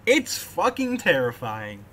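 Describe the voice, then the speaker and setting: A young man hosting a gaming video, joking with a friend in loud, profane banter. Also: a little high, wildly swooping pitch, takes it slowly, noisy background. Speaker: gaming channel host. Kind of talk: casual gaming chat with a friend.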